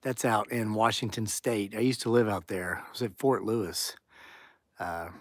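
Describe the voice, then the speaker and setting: A man's voice: on the low side, normal speed, no room sound, clean studio sound. Chatty man live-streaming outdoors at dusk. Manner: chatty, reads viewer comments aloud. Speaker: channel host on a live stream. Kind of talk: casual live-stream chat. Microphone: phone or camera on a tripod.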